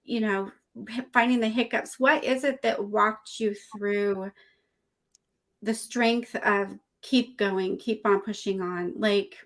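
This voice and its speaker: A middle-aged woman hosting a casual interview, chatty and agreeable, asking lively follow-up questions. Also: mid-range voice, takes it slowly. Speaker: podcast host.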